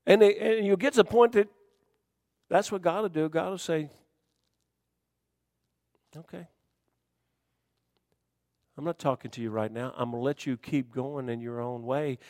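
A man preaching a sermon in folksy dialect, swinging between shouted warnings and hushed, quiet storytelling. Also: fairly high pitch, measured pace, long pauses, no echo, studio quality.

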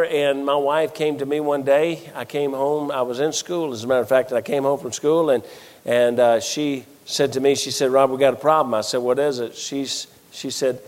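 A middle-aged man preaching a sermon, telling funny family stories with animated delivery and acting out the voices of the people he quotes. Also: medium pitch. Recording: long reverb of a large hall.

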